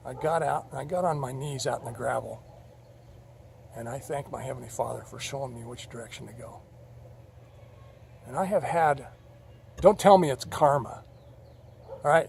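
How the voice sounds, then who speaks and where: Gravelly man telling a story. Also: medium pitch, slight background noise. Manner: rambling, halting, earnest. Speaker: vlogger. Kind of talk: personal storytelling.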